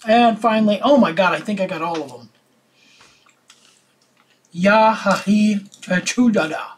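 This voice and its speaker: A man's voice: high voice, fast talker, husky. A man playing a board game in casual chat, teasing dryly and reading cards aloud while chewing popcorn.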